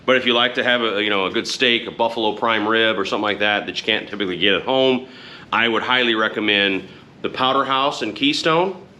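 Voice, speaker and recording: A man's voice: lowish voice, brisk, sharp tone. A middle-aged man chatting casually to camera as a motorcycle vlogger, rambling and frank, often correcting himself.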